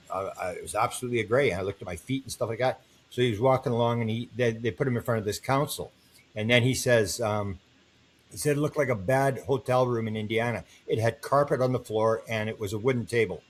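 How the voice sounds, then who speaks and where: Older man, podcast guest, animated storyteller, faint background hiss. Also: medium pitch, fairly quick. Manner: animated storyteller, acts out quoted voices.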